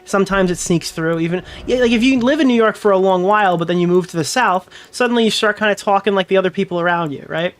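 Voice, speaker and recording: Profane, high-voiced male streamer. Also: fast, hardly any pauses. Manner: profane, rambling, excitable. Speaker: livestreamer. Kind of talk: casual stream commentary.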